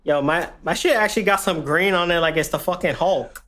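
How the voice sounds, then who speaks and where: A man's voice: a little high, brisk, fairly bright tone. A man appearing as a podcast guest, chatting casually with crude, joking swearing. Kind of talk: casual chat.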